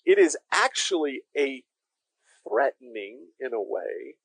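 Lively, conversational male pastor preaching. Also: medium pitch, slow, vocal fry, no room sound, poor audio. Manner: emphatic, addresses listeners directly. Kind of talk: conversational sermon.

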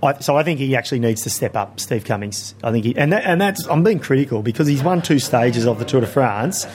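A man's voice: medium pitch, animated, brisk, a little mellow, slight background noise. A man with an Australian accent, chatting casually as a cycling pundit, enthusiastic and jokey. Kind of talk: casual chat.

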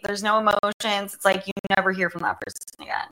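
A woman's voice: medium pitch, big pitch swings, fast, bright, forceful tone, rough recording. A woman being interviewed, talking in a giggly, frank, offhand way. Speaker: guest in an interview clip. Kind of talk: candid interview talk.

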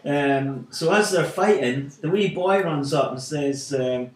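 A man, a podcast host, retells a comic story in an animated, casual way with frequent fillers. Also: a little high, a little slow, hardly any pauses, a little hiss or hum. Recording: echoey room with faint music.

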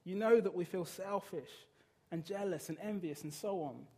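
A preacher with a notably high-pitched male voice delivers his sermon. He speaks earnestly and with emphasis, turning often to rhetorical questions for his listeners. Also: moderate pace, a little mellow, breathy edge.

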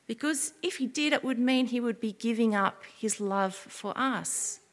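A woman giving an expressive children's sermon as a preacher, often asking her listeners questions. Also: on the high side, unhurried, in a large hall.

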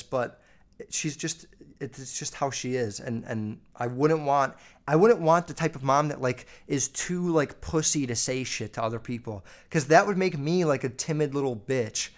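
A man hosts his own podcast, telling family stories in a loose, casual way, swearing constantly and leaning on lots of fillers. His voice is medium in pitch and his pace is moderate.

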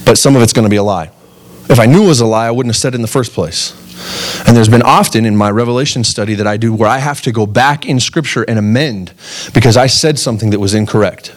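A young adult man preaching to his congregation in a medium voice, neither high nor low. He is earnest and animated, and he keeps checking whether his listeners follow him. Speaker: pastor. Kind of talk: sermon.

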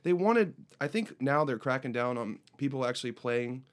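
A man telling a story in casual chat as a musician guest, animated and acting out the people in it. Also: moderate pace. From United States. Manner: animated anecdote teller, voices border guards with raised pitch.

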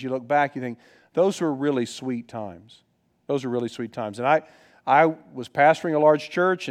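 A middle-aged man preaching a sermon as a pastor, telling personal stories in an earnest, conversational way with frequent restarts. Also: on the high side.

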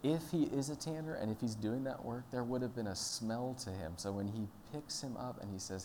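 A man giving a sermon at church in a relaxed, conversational, storytelling manner. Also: fairly low pitch, moderate pace, slight background noise. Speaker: pastor.

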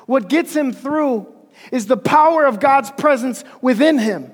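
A man's voice: very high voice, expressive, moderate pace. A male pastor preaching a sermon with emphasis, repeating key phrases, recorded in an echoey hall.

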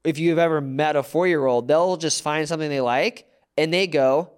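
A man's voice: a little high, normal speed, clear, resonant tone. A man from the US, a comedian, telling stories in a casual chat and laughing as he goes. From United States. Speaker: comedian guest.

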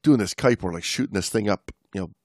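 A man's voice: on the low side, quick pace, no echo, studio quality. A man co-hosting a podcast, telling stories in casual chat with many restarts and laughs. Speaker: podcast co-host.

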